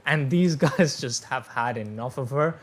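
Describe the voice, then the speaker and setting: A man hosting a podcast, telling a story in casual, animated chat, swearing freely. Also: mid-range voice, measured pace. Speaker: podcast host.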